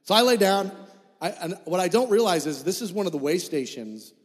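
Male pastor, storytelling sermon, high voice, lively and animated, heard in a big reverberant hall. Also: a little fast. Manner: animated, acts out dialogue in his story. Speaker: preacher.

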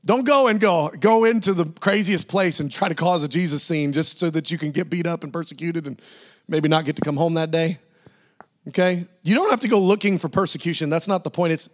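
A pastor with a notably high-pitched voice preaches a lively sermon to his congregation at a moderate pace. He swings between bright, excited bursts and low, earnest stretches, laughing often as he goes.

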